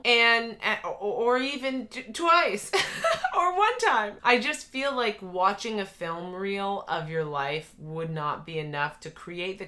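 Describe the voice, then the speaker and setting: A young woman giving casual, animated commentary as a channel host, chatty and quick to laugh, often correcting herself mid-sentence. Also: mid-range voice. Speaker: video essayist.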